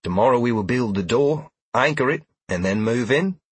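A man voicing a calm young woman with a dry sense of humor who speaks formally, in an audiobook. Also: mid-range voice, moderate pace, husky, no echo, voice pushed up. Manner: formal, without contractions.

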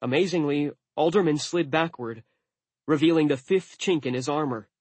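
A man narrating an audiobook in the first person with a wry, deadpan delivery. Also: on the high side, moderate pace, dry recording.

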